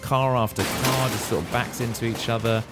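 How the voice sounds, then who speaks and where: A man's voice: mid-range voice, normal speed, music in the background. A man co-hosting a podcast, telling a film's action scenes step by step in casual chat. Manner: animated storyteller, recounts scenes step by step. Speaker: podcast co-host. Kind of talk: casual film recap chat.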